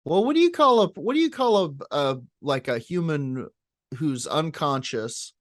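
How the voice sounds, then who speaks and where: A man's voice: fairly high pitch, animated, moderate pace, no echo, studio quality. A man co-hosting a comedy podcast, riffing and joking in casual chat. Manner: jokey, riffing, playful voices. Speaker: podcast co-host.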